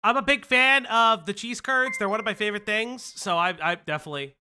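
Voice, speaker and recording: A man hosting a live stream, chatting casually and teasing with quick questions and frequent laughter. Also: sits high, noisy background. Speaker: stream host.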